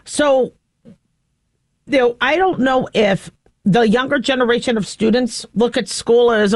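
A woman in her fifties hosting a monologue, an animated storyteller who acts out the people in her anecdotes. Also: on the high side, takes it slowly, no echo, studio quality.

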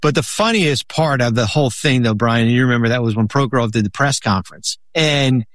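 A man telling long stories in a casual chat, rambling with many restarts and lively quoted lines. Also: medium pitch, a little fast, dry recording. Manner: rambling, many restarts, animated when quoting. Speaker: guest, former basketball executive.

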